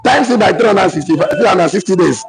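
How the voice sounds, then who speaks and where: Nigerian man, high-pitched, animated, business coach, joking motivational talk. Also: fast, creaky, over music, poor audio. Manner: animated, joking, mixes Pidgin asides with laughter. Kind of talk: motivational talk to an online community.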